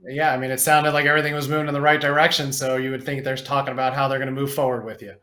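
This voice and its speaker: A man's voice: medium pitch, flat delivery, rapid-fire, sharp tone. Male podcast host in an echoey room. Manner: earnest, admiring introductions with fillers. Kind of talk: interview hosting.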